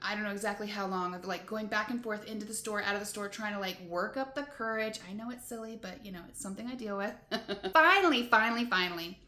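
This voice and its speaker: A woman vlogger rambles through a story to her camera, filling it with "like" and "you know" and laughing between her frustrations. Her voice is bright and sharp-edged, at a middle pitch. The room around her is echoey and hard-walled, as in a motel room. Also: fast. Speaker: van life vlogger. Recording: roomy echo.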